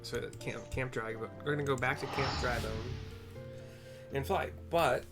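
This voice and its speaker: A man's voice: medium pitch, normal speed, over music. A man narrating a video game casually, chatting and correcting himself as he goes. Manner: chatty, self-correcting asides.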